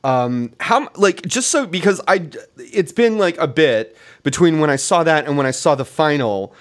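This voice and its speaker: An enthusiastic man hosts a casual podcast interview. He talks in loose, excited bursts, scattering "like" through his sentences. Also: on the high side, normal speed. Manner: chatty, enthusiastic, lots of "like". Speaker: podcast host.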